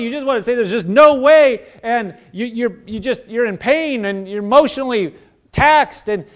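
A man preaching a sermon, earnest, acting out the prayers of the people he addresses. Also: very high voice. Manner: earnest, acts out prayers in quoted voices.

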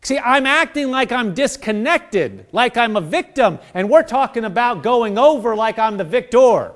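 A man's voice: very high-pitched, lively intonation, moderate pace, fairly bright tone. A man preaching a sermon, earnest, acting out the prayers of the people he addresses. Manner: earnest, acts out prayers in quoted voices.

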